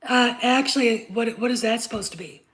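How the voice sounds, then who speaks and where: A woman's voice: a little high, brisk, fairly bright tone, rough recording. Insistent woman lecturing her stream chat. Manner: insistent and lecturing, often checks with "okay?"; emphatic, repeats points. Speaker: live stream host. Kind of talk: unscripted live stream rant to chat.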